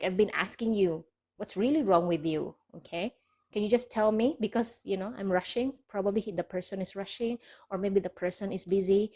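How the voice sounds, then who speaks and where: A woman teaching a relaxed online language lesson, explaining patiently, repeating example phrases slowly and checking in with her listeners as she goes. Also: medium pitch.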